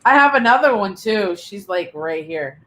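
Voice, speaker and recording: An older woman with grandchildren, co-hosting a casual live chat, talkative and quick to laugh at herself. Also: mid-range voice, expressive, fairly bright tone, a little hiss or hum. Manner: chatty, self-deprecating, laughs often. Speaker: co-host.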